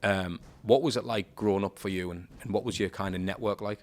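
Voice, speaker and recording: A man's voice: low-pitched, fairly even intonation, fairly quick. A man hosting a podcast interview, asking loose questions with fillers. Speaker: podcast host. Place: gym.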